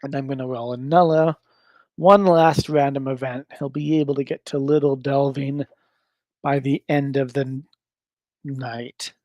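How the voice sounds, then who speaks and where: A man's voice: medium pitch, steady tone, a little slow, darkish tone, no room sound, highs cut off. A man narrating a solo tabletop game in a rambling way with lots of fillers.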